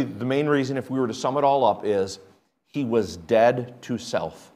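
A man preaching a sermon, reading scripture aloud and swinging between hushed, quiet points and loud, emphatic ones. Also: on the high side. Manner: reads scripture aloud in old-fashioned wording.

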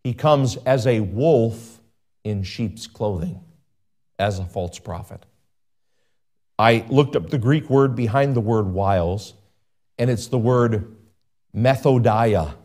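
A man preaching a sermon as a pastor, emphatic, with big pitch swings and repeated phrases. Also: slow pace, long pauses, darkish tone.

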